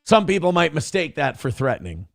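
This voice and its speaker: A man's voice: a little high, very animated, brisk, creaky, dry recording, studio quality. A man hosting a morning show, commenting sarcastically on a viral video and laughing at it.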